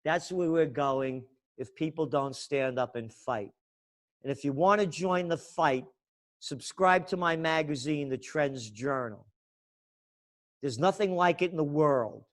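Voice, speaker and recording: Man, guest forecaster, impassioned rant with biting sarcasm, slightly high voice. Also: a little slow. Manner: fiery, ranting, sarcastic. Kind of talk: impassioned podcast interview.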